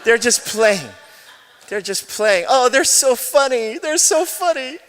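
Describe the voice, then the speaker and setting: Man screeching as a shrill panicked mom. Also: lively intonation, slow pace, fairly bright tone, a little hiss or hum, full character voice. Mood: forced cheer. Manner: screeching, very high falsetto. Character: shrill panicked middle-aged mother.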